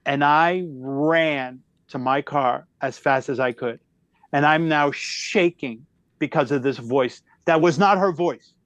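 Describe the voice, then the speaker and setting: A man's voice: mid-range voice, measured pace, no echo. A middle-aged comedian telling a long personal story on a podcast, changing speed often as he goes. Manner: animated storyteller who shifts pace a lot. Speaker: guest comedian.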